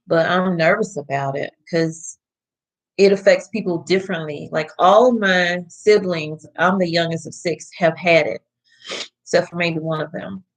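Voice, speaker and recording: A woman in her forties hosting a casual livestream, talking directly to her viewers with many pauses and fillers. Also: fairly low pitch, poor audio. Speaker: livestream host.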